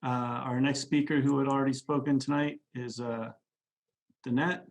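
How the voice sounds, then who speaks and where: A man chairing a board meeting, calling up speakers in a calm, polite way. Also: medium pitch, moderate pace, vocal fry, poor audio.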